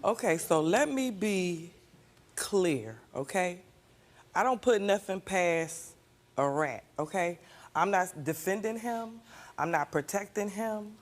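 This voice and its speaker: A woman's voice: on the low side, animated, slow. An older woman on a talk show stage defending herself in an insistent way, cutting in to hold her ground. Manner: insistent, talks over others with repeated "hold on". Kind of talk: defensive argument. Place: TV studio stage.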